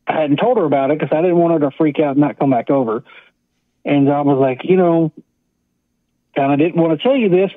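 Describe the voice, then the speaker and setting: A man's voice: fairly high pitch, dry recording. A man, a guest on an interview podcast, telling a ghost story in a rambling, casual way, full of "I was like". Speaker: paranormal investigator guest. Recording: tinny phone-like line.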